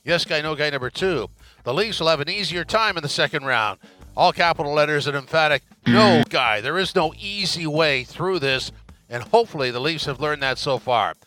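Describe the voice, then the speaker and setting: A man hosts a casual sports podcast with a bright, forceful voice. He keeps the chat breezy and turns playful in the wrap-up segment. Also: fairly high pitch, brisk, soft background music. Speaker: podcast host.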